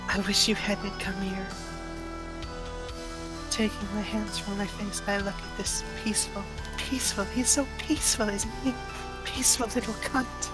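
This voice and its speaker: A woman's voice: mid-range voice, fairly even intonation, moderate pace, lightly acted. A woman voicing a bitter, sleepless female fiend who swears venomously and breaks into sobs, reading a visual novel aloud. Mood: bitter rage. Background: game music.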